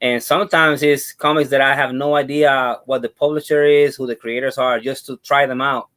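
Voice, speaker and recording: A relaxed man co-hosts a casual podcast and talks about his finds with easy enthusiasm. His voice is mid-pitched and plain. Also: moderate pace. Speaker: podcast co-host.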